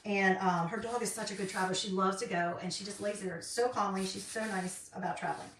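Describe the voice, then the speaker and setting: Bright-voiced woman crafting. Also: mid-range voice, fairly even intonation, fairly quick. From North Carolina, US. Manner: rambling and chatty, many ums. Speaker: craft vlogger. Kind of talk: casual chat while crafting. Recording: roomy, distant, faint noise.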